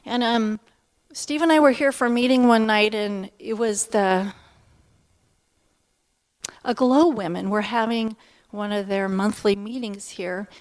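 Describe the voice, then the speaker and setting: A woman in her fifties sharing a personal testimony at a church gathering, candid and heartfelt, talking in a loose conversational way with frequent pauses and fillers. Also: medium pitch, steady tone. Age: 50s. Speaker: speaker giving a personal testimony.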